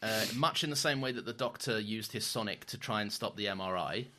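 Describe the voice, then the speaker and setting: A man's voice: on the low side, fairly quick, pushed and bright. A man co-hosting a podcast, telling rambling stories with casual swearing and frequent laughs. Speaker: podcast co-host. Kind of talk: casual chat.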